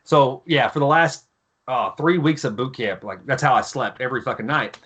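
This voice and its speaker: Bright-voiced man telling profane stories. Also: medium pitch, normal speed, breathy edge, muffled recording. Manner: profane, animated, acts out yelling officers in his stories. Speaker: podcast guest, former Marine and author. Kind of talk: casual storytelling.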